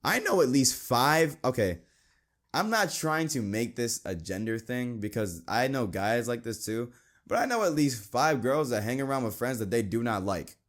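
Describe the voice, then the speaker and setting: This young Christian podcast host sounds very animated while keeping a moderate pace. Between earnest, chatty remarks he reads scripture, and he does high-voiced impressions of his friends.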